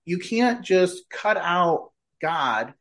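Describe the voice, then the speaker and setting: A middle-aged man, a podcast guest, telling a personal story in casual conversation and lifting his voice when he quotes himself. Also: very slow. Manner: animated, shifts pitch when quoting himself.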